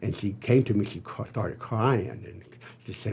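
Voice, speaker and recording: An older man, a podcast guest, telling an earnest personal story with halting restarts. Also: on the low side, gravelly, darkish tone, a little hiss or hum. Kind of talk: storytelling interview.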